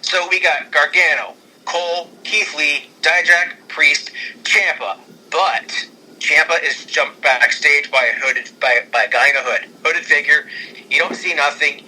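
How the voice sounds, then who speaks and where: Brief: man, casual podcast co-host, rambling, eager, very bright and fairly high voice. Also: unhurried, low-quality recording. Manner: excitable and rambling, with frequent restarts. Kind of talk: casual podcast chat pitching storylines.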